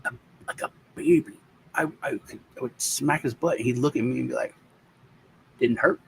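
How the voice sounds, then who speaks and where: A man's voice: mid-range voice, animated, brisk, vocal fry, a little hiss or hum, rough recording. Rambling middle-aged male host. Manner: rambling, acts out family quotes in changed voices. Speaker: show host. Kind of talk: casual chat.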